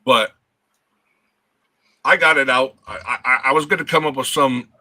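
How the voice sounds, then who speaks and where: Man, casual chat, halting, very bright, dry sound. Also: medium pitch, dry recording, far from the mic.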